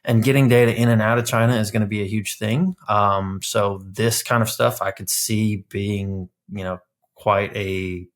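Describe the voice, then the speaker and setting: A man hosting a tech podcast, talking in an animated, casual way and swearing freely. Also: lowish voice, normal speed. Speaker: podcast host. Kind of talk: casual chat.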